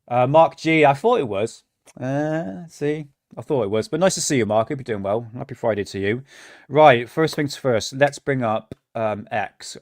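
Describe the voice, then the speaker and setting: A man's voice: mid-range voice, a little mellow, no echo, clean studio sound. Blunt, ranting man on a livestream. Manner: blunt and ranting, swears freely. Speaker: livestream host. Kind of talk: casual livestream commentary.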